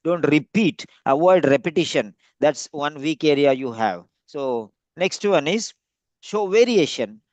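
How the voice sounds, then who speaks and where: A man's voice: on the high side, lively intonation, a little slow, a little mellow, dry recording. Man giving patient speaking-test feedback. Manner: patient, repetitive, explanatory with frequent fillers. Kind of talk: giving feedback in a practice session.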